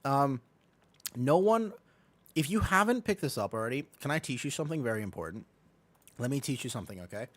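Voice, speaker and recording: A young man talks loosely over a live game stream, bouncing from one topic to the next and often breaking into laughter. His pitch swings up and down a lot as he answers chat. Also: sing-song, fairly quick, long pauses. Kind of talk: casual live-stream commentary while gaming.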